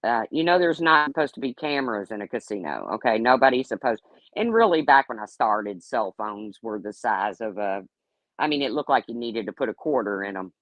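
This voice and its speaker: A middle-aged woman with a strikingly deep voice tells candid stories in an easy, unfiltered way. Her pitch moves a lot as she acts out what others said. The sound is close and dry, with little room around it. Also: no echo, lo-fi sound. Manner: candid, swears freely, acts out quotes. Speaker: host telling stories. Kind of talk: casual storytelling.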